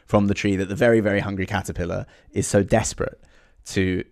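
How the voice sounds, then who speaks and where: A man's voice: level tone, quick pace, gravelly, darkish tone, no room sound, studio quality. A man improvising a silly comic story, rambling with many restarts. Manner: rambling, many restarts, bursts into squeaky voices.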